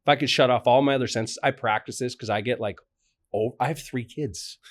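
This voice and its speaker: A man who works as a coach, a podcast guest speaking in a measured, teacherly way with rhetorical questions. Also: medium pitch. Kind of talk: podcast interview.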